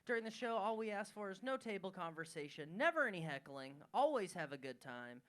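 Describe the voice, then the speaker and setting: A woman's voice: mid-range voice, sing-song, a little fast, fairly bright tone. A woman emceeing a live comedy show on a club stage, upbeat and hyping up the crowd. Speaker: show host.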